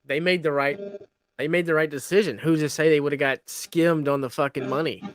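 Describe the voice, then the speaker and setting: Laid-back smooth-voiced podcast man. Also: on the high side, steady tone, brisk, dry recording. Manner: laid-back, agreeable, hesitant with restarts. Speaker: podcast co-host. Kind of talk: casual podcast chat.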